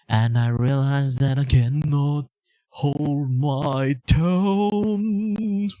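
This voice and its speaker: A man's voice: on the high side, mellow, dry recording. A man making casual chat on a live art stream, rambling and half-singing his words. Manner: rambling, half-sung, slow and drawn out.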